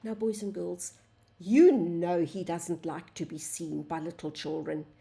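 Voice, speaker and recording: A woman teaching a phonics lesson to young children, sounding out letters and words slowly and calling the class "boys and girls". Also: fairly low pitch, vocal fry, dark tone. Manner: slow, sing-song, sounds out letters, addresses "boys and girls".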